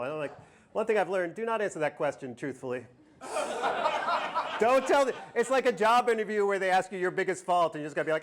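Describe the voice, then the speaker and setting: A high-pitched man in his forties working a live comedy crowd with sardonic, self-mocking bits. The audience laughter rolls in loudly behind him in the club recording. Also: lively intonation, fairly quick. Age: 40s. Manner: sardonic, self-deprecating, rhetorical questions. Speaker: standup comedian. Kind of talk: standup routine.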